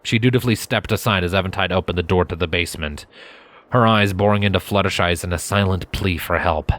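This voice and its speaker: A man reading a fanfiction story aloud in steady, measured narration. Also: deep voice. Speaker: fanfiction reader.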